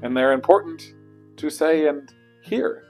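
A man who conducts choirs, speaking reflectively in an interview and acting out inner voices with sudden high exclamations. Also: big pitch swings, measured pace, creaky, a little mellow, soft background music, poor audio. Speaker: choral conductor. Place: church.

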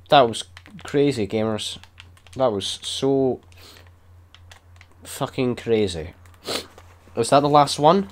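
A young man giving sweary, excitable and sarcastic commentary while building in a video game. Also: medium pitch, extremely slow, pauses often. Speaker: gaming YouTuber. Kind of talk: casual gameplay commentary.

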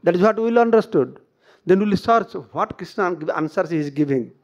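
A man's voice: high voice, expressive, brisk, dull audio. A middle-aged Indian man lecturing on scripture in a temple hall, asking rhetorical questions and quoting Sanskrit verses. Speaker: monk giving a scripture lecture. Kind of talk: sermon.

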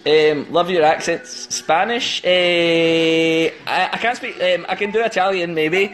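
A man's voice: fairly high pitch, fairly even intonation, unhurried, fairly bright tone. A young man from England on a phone live stream, chatting playfully and giggling as he tries out silly accents. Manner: playful, giggly, jumps between joke accents. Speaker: band member hosting a live stream. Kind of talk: casual chat doing silly accents.

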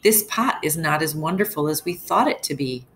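A woman's voice: a little high, lively intonation, measured pace, a little hiss or hum, voice pushed up. A woman doing an angry flustered husband. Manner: yelling, exasperated.

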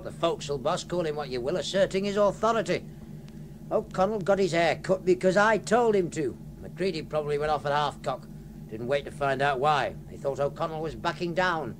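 Radio play: man voicing a matter-of-fact ship's officer, somewhat high voice. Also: fairly quick, noisy background, natural voice. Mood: dry. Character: knowing, dry male ship's officer.

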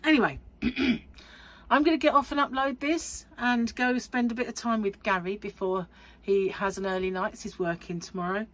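A woman's voice: mid-range voice, steady tone, moderate pace, fairly bright tone. A middle-aged woman vlogging casually to camera, rambling and chatty with frequent laughs. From United Kingdom. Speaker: crochet vlogger.

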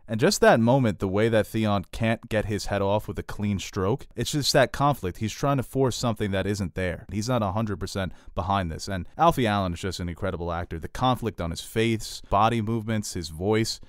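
A man's voice: on the low side, no echo, studio quality. A man co-hosting a podcast, recapping a TV episode in casual chat and joking with his co-host. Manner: jokey, animated recapping with quick quoted impressions. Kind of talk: casual chat about a TV show.

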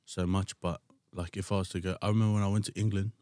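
A man's voice: low voice, little pitch movement, fast, darkish tone, no echo, clean studio sound. A young man talking in a laid-back, sweary way in a casual podcast chat. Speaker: podcast host, musician.

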